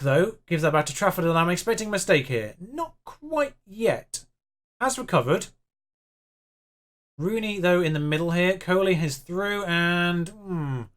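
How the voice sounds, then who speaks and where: A man's voice: a little high, a bit bright. A young man commentating his own game, chatty and self-mocking, muttering along as the match plays out. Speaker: YouTube game player. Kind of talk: let's-play commentary.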